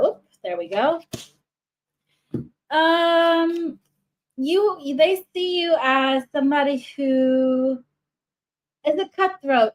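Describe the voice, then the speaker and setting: A woman's voice: high-pitched, poor audio. A woman giving a casual tarot reading to viewers, rambling with frequent restarts and asides. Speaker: tarot reader.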